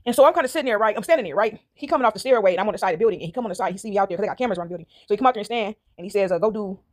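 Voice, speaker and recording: A woman vlogger telling a story to her viewers in a casual, animated way, swearing freely and acting out the voices she quotes, with "right?" after almost every sentence. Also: medium pitch, very fast.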